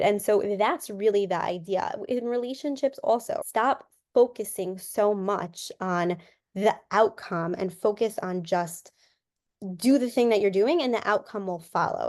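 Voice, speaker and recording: A woman's voice: medium pitch, moderate pace, a little mellow. A woman, a guest counselor and coach, talking casually in an interview and explaining ideas through examples, often repeating a word as she restarts.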